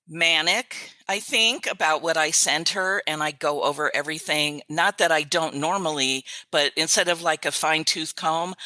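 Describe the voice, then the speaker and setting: An older woman talks in a low-pitched but bright voice, recorded close and dry. She chats easily as a guest and tells her stories with frequent laughter. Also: no room sound. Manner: chatty storyteller, quick to laugh. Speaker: author's virtual assistant, guest. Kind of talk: casual interview chat.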